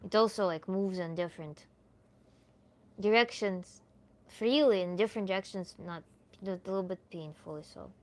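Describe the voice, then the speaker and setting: A woman's voice: medium pitch, normal speed. Chatty woman with a Russian accent. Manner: relaxed, chatty, laughs often, many "like" fillers. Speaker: tantra coach. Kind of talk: livestream Q&A chat.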